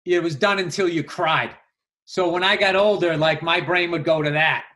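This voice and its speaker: A man co-hosting a podcast, telling stories in a loose, animated way, swearing freely and laughing often. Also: fairly high pitch, normal speed. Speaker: podcast co-host. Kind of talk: casual chat.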